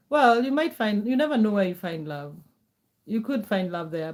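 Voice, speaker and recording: A woman's voice: medium pitch, a little mellow. A middle-aged woman from Kenya, chatting casually on a live stream, answering viewers' comments in a reassuring way and repeating her words.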